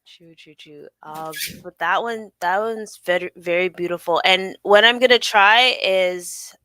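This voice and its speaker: A woman hosting a casual interview, her voice bright and close-miked with little room sound. She speaks slowly and comes across as enthusiastic, reacting with lively exclamations. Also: medium pitch, dry recording. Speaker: podcast host.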